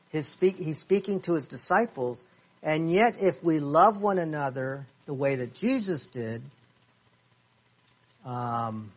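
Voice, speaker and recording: Guy teaching bible class real slow, kinda husky, keeps asking the group questions. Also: on the high side. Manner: asks the class questions and repeats verses slowly. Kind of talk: interactive Bible study lesson. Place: church classroom.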